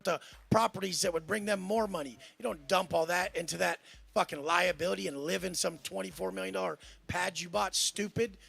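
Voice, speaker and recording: A man's voice: sits high, fairly quick, vocal fry, a bit bright, slightly rough, soft background music. A man on a panel ranting boastfully and aggressively, swearing constantly. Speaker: panel guest. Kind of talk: brash panel talk.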